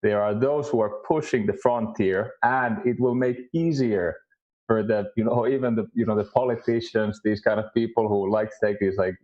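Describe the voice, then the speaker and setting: A man with a Finnish accent, a guest in a casual discussion, speaking haltingly with many restarts and repeated words. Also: fairly low pitch, steady tone, highs cut off. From Finland.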